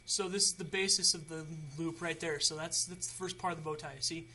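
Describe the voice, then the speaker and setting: A man's voice: fairly high pitch, fairly even intonation, brisk, pushed and bright, slight background noise. A young man hosting a casual how-to video, chatty and rambling with frequent restarts. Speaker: tutorial host.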